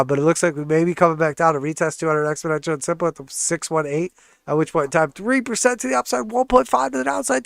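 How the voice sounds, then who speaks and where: A man's voice: fairly high pitch, vocal fry, no room sound, studio quality. A man with a congested, stuffed-up voice hosting a live trading stream, walking through charts in a casual, joking way. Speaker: trading channel host.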